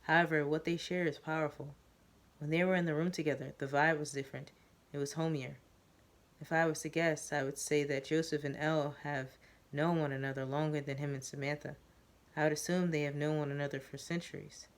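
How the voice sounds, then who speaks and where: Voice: medium pitch, level tone, brisk. A reader narrating a first-person story aloud, in a plain voice with small stumbles and repeats.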